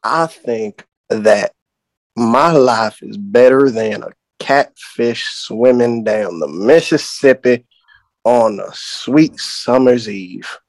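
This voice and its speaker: A man putting on a folksy Southern US drawl, talking slowly. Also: mid-range voice, no room sound, pitched below the performer's own voice. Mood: mock-serious.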